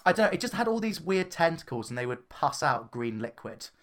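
Southern English male co-host, casual and animated, bright tone, laughs easily. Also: a little high, fairly quick. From southern England. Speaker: podcast co-host. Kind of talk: casual chat.

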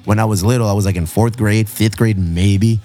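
A man's voice: lowish voice, brisk, faint music behind. A man, telling stories on a podcast in a casual, swearing style, mixing in Spanish and acting out his family. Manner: animated, swears freely, mixes in Spanish, acts out relatives. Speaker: podcast host. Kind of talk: casual storytelling chat.

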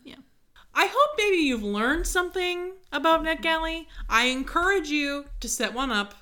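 Bright, bubbly young woman podcaster. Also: high-pitched, lively intonation, normal speed. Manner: bubbly, chatty, laughs often. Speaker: podcast co-host. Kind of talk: casual chat.

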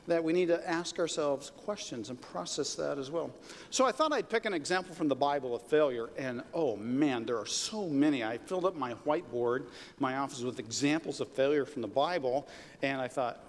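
A male pastor gives a sermon in a relaxed, conversational way, often tossing out "right?" and "okay?" to the room. His voice sits a bit high for a man. A long reverb from a large hall trails behind his words. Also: normal speed, slight background noise.

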